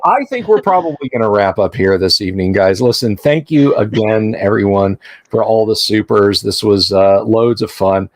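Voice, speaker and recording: A man's voice: lowish voice, expressive, no room sound. Rambling man hosting a livestream. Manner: rambling, halting with many restarts. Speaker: game master and host. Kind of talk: casual livestream chat.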